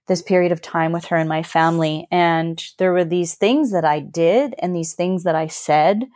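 A woman's voice: on the low side, moderate pace, darkish tone, dry recording, studio quality. A woman on a podcast, earnestly telling a personal story in a reflective, emotional way. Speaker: podcast guest.

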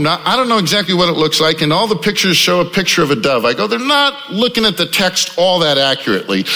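A pastor in his fifties delivering a sermon in a fairly high, bright voice. He moves between loud exclamations and low, quiet passages. The sound carries a long reverb from a large church hall. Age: 50s.

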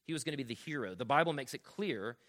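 A man's voice: mid-range voice, lively intonation, a bit bright. A man preaching a sermon as a pastor, reading scripture aloud and explaining it in an earnest, teaching manner that keeps checking in with the congregation. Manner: reads scripture aloud, slowing on key lines.

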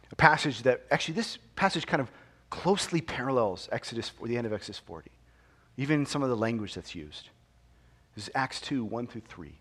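This male pastor preaches with a mid-range voice, moving from hushed, almost whispered passages up to emphatic, booming declarations. Along the way he repeats phrases and asks his congregation rhetorical questions.

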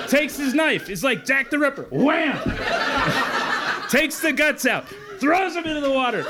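A man with a high voice tells a comic fishing tale on a festival stage. He is animated and punchy, and he acts out the people in his story. The delivery is loose and lively. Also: noisy background. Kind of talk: live comedic storytelling. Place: festival stage before an audience.

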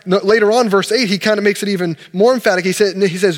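A man preaching a sermon in earnest, animated delivery, often repeating and restarting words. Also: high-pitched, quick pace, in a large hall. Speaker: pastor. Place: church.

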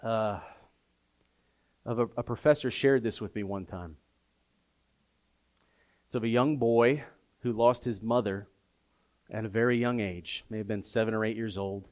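A man preaching a sermon to a live congregation. His delivery is openly emotional and personal, and it climbs from soft, intimate tones to loud, impassioned emphasis. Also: on the low side, unhurried, pauses often. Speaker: pastor.

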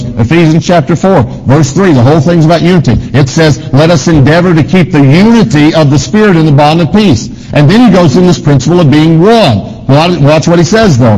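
A man pastor preaching a sermon with emphatic swings in pitch and volume, asking the congregation questions. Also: a little mellow. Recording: long hall reverb.

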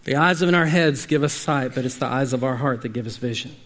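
A male preacher delivering a sermon, telling stories with dynamic swings from quiet to shouting. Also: medium pitch, a little fast. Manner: dynamic storytelling, rising to shouts at climaxes.

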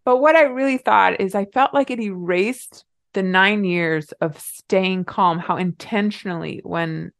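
A middle-aged woman, a podcast co-host, telling a personal story in an emotional, animated way. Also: mid-range voice, measured pace, gravelly, few pauses, no room sound, studio quality. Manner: emotional, animated retelling with laughs.

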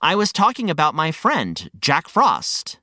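A woman voicing a friendly, patient male guide who gently explains things. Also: sits low, wildly swooping pitch, a little slow, dry recording, clean studio sound, heavily acted. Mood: gentle.

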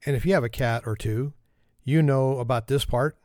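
A man's voice: medium pitch, moderate pace, darkish tone, dry recording, studio quality. A man hosting a podcast and delivering a humorous monologue in a wry, self-deprecating, conversational manner. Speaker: podcast host.

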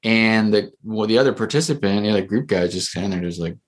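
A man's voice: fairly low pitch, fast. A male therapist telling a story in a casual podcast conversation, rambling with lots of fillers and restarts.

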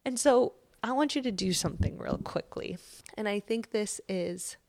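A young woman giving a casual motivational talk, full of "like," that turns into a gentle guided breathing exercise. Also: mid-range voice, moderate pace, gravelly. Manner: chatty, says "like" often, drops to soft near-whisper in guided parts. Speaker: host.

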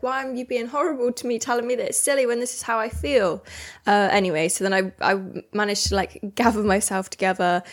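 A young woman talking alone into her podcast mic, open and unguarded. She rambles through a personal story with restarts and acts out her own thoughts as she goes. Her pitch sits in the middle for a woman. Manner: candid, rambling storytelling with self-talk and restarts. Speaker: podcast host. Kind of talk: solo confessional podcast chat.

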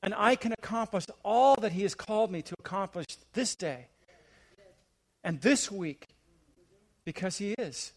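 A middle-aged man preaching a sermon as a visiting pastor, building to emphatic, rising questions and then dropping to a quiet, hushed delivery. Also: animated, a little slow, long pauses. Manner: swings between rising, emphatic preaching and hushed, low asides.

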